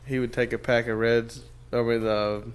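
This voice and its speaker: A man's voice: medium pitch, level tone, normal speed, slight background noise. A young man in casual chat, telling long stories with plenty of swearing and filler words. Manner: profane, rambling storyteller.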